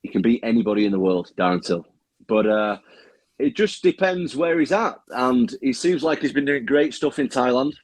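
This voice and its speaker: A man's voice: medium pitch, lively intonation, normal speed, no echo. A young man with a Manchester accent, a guest fighter chatting candidly in an interview, swearing freely and restarting his sentences. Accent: Manchester English. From Manchester, England. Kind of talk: casual interview chat.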